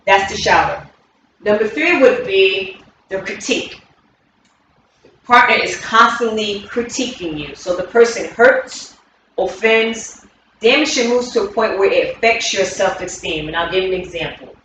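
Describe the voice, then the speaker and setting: A woman's voice: medium pitch, unhurried, fairly bright tone, a little hiss or hum. A woman teaching as a movement coach, repeating key words with emphasis as she demonstrates. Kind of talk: instructional talk with movement demonstrations. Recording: very echoey room, distant mic.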